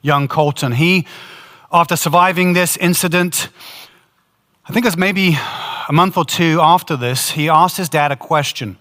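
A man preaching a sermon as pastor, telling a story in an earnest, lively way. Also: on the high side, normal speed, in a large hall. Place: church hall.

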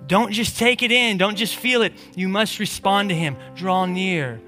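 A man's voice: sits high, a little slow, pushed and bright, faint music behind. A man preaching a sermon as a pastor, in an earnest, conversational way with frequent restarts and fillers. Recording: long hall reverb.

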